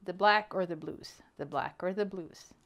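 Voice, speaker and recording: A woman hosting a casual unboxing vlog, chatty and excitable, counting items aloud as she goes. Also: on the low side, moderate pace, creaky. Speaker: hobby vlogger.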